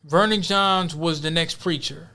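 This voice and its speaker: A man's voice: a little high, a little slow, sharp tone. A male podcast host giving casual, emphatic commentary, often restarting his sentences.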